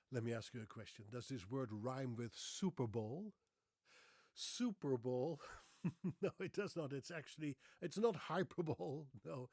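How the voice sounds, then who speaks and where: Male teacher, upbeat video lesson, draws words out slowly to demonstrate; a little high-pitched, recorded dry. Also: no echo. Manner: lively, playful, stresses each syllable slowly when modelling words. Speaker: English pronunciation teacher. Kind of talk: short video lesson to camera.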